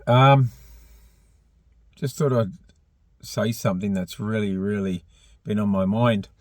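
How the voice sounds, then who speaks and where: A man's voice: lowish voice, a little mellow, no room sound. Blunt, swearing Australian man. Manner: blunt and rambling, swears a lot. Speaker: car tuner vlogger. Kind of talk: casual vlog talk while working on a car.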